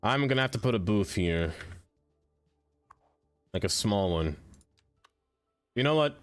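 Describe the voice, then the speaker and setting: Unhurried man narrating his city build. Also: on the low side, animated, faint music behind. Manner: chatty, talks to the game and to chat. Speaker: streamer. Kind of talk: live gameplay commentary.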